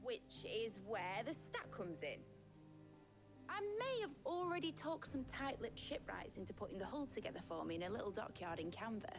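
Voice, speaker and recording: A woman's voice: mid-range voice, sing-song, normal speed. An actress with a Yorkshire accent voicing a young ship engineer in a video game, talking eagerly as she explains her invention. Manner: chatty, enthusiastic, explains things. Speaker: game character. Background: game music.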